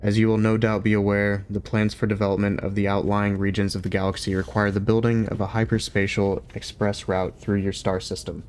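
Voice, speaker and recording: A man's voice: on the low side, a little mellow, a little hiss or hum, close to an everyday voice. A man voicing Vogon Jeltz, officious alien bureaucrat. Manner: officious, dismissive. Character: pompous bureaucratic alien official over a loudspeaker.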